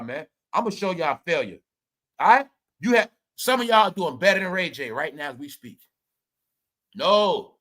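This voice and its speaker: A man hosting a casual celebrity gossip rant, swearing, laughing often and talking straight to his viewers. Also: high voice. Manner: loud, laughing, swearing, addresses viewers as y'all. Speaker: commentary host.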